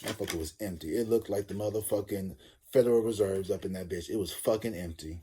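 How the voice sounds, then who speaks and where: A tarot reader with a low, warm male voice talks fast as he gives a casual reading, rambling, cursing and joking his way through a story. There's a slight hiss or hum on the recording.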